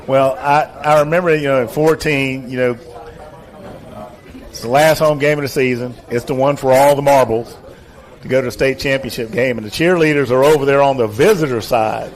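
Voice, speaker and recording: Laughing talk-show host. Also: male voice, medium pitch, fairly even intonation, moderate pace. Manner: chatty, laughs often while telling stories. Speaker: host and stadium announcer. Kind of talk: casual talk-show chat.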